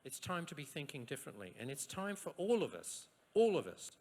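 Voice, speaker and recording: A man from Australia giving a university science lecture, rhetorical and lively, with asides and short jokes. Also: on the high side, fairly quick. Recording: echoey lecture hall.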